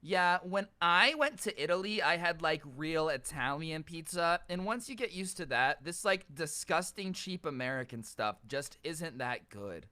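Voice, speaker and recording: A man imitating a snooty rich ten-year-old boy, slow, smug and condescending. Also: on the high side, lively intonation, bright, forceful tone.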